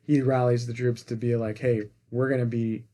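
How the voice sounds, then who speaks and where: A man's voice: mid-range voice, normal speed. Man animatedly retelling movie scenes. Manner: animated storyteller, retells scenes with quoted lines. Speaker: podcast co-host. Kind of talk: casual movie review chat.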